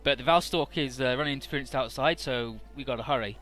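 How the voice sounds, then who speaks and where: Bright-voiced man recapping a game. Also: mid-range voice. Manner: paraphrases dialogue in quick put-on snippets; swears casually. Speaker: let's-play host. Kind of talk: casual game commentary.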